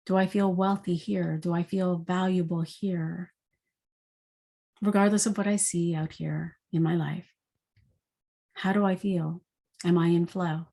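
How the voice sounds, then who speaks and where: A woman's voice: lowish voice, fairly even intonation, a little slow, gravelly, pauses often, warm tone. A woman giving a spiritual daily energy forecast in a reflective, unscripted way. She asks many rhetorical questions and often says "like".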